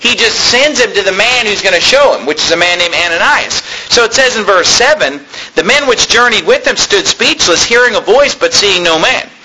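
A man's voice: high voice, lively intonation, moderate pace, bright, forceful tone, slight background noise, poor audio. A man pastor preaching a sermon, reading scripture aloud and explaining it to the congregation.

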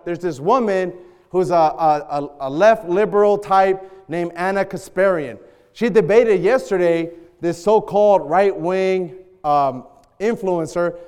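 High-voiced preacher bantering with the congregation. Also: male voice, clear, resonant tone. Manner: loud, bantering call-and-response with the congregation. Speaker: pastor. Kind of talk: sermon. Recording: long hall reverb.

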